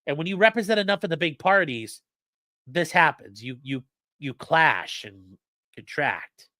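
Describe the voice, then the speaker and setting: A man talking on a live stream, with a lively, bouncing delivery and a bright, forceful tone that sits a touch high. He talks bluntly and swears freely, like a working lawyer reacting to chat. The sound is dry and close, with no room echo. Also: unhurried. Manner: profane, blunt, animated.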